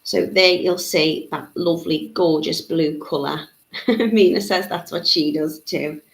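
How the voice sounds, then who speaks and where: A woman who tutors jewellery-making leads a live beading lesson in a chatty way, reading out viewer comments and saying um a lot. Her voice is low-pitched and creaky with a measured pace, and the room is echoey.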